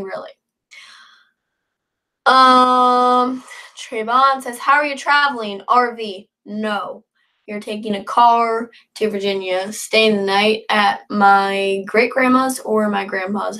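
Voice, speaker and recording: A woman's voice: medium pitch, bright, forceful tone. Young woman, late teens, livestream host; casual, chatty, upbeat, rambling. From northern United States. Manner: chatty, rambling, upbeat, reads comments aloud. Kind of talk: casual livestream chat reading viewer comments.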